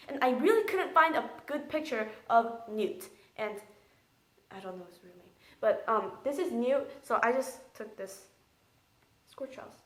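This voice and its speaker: A woman's voice: fairly high pitch, roomy sound, low-quality recording. Blunt, sarcastic young woman reviewing films. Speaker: movie reviewer. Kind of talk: casual spoken movie review.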